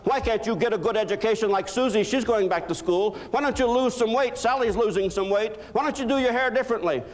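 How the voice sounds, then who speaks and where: A man's voice: sits high, fast talker, big-room sound, pitched above the performer's own voice, close to an everyday voice, low-quality recording. A man voicing a nagging, contemptuous husband who finds fault with his wife. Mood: scolding. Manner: scolding, fault-finding.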